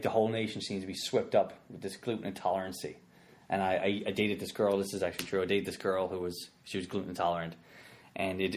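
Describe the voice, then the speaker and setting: A man's voice: lowish voice, a little hiss or hum. A young man hosting a podcast, rambling and self-mocking as he retells his stand-up bits. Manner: rambling, self-mocking, sings ringtone sounds and does bits. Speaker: podcast host and comedian. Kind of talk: casual chat.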